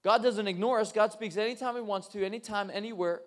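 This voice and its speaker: Young guy pastor preaching, high voice, chatty and jokey with the crowd. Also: fast. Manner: lively, joking and conversational with the congregation. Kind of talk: sermon.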